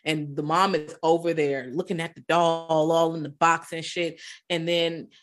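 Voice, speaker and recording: A woman co-hosting a podcast, retelling a film in a lively, profane, casual way. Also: deep voice, unhurried. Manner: animated, profane, acts out quotes. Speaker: podcast co-host.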